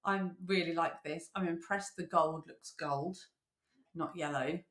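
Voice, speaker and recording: A woman's voice: deep voice, unhurried, echoey room. A woman co-hosting a casual chat, giggly and understated. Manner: giggly, understated, lively intonation. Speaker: co-host.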